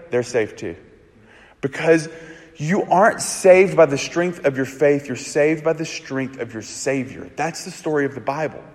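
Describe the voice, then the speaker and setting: Male pastor, relaxed and lively preacher, voice a touch high, long reverb of a church hall. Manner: casual, animated, many "like" fillers. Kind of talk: sermon.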